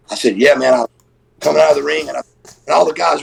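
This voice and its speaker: A middle-aged man, a former wrestler, telling an animated, profane story and acting out what people said. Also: a little high, fast, crowd noise, low-quality recording. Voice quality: gravelly, husky. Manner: animated, profane storyteller who acts out quoted voices. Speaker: guest, former pro wrestler. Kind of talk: casual storytelling on a live stream.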